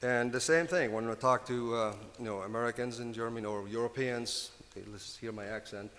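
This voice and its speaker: A man in his fifties from Lebanon with a heavy Lebanese Arabic accent. He speaks on a panel in halting bursts with many restarts. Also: mid-range voice, fairly bright tone. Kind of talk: panel talk. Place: convention hall. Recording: reverberant conference hall.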